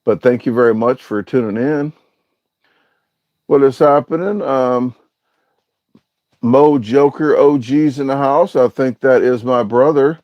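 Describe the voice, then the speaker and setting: A man's voice: medium pitch, unhurried, pauses often, no echo, muffled recording. A man hosting a casual livestream, reading out viewer comments and answering them in a rambling, hesitant way with lots of filler sounds. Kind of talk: casual live-stream chat.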